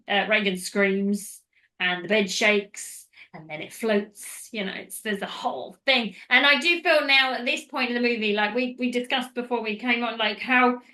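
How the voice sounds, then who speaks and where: Bright, animated woman chatting. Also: a little high. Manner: rambling, animated, goes off on tangents. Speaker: podcast host. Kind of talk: casual chat recapping a film.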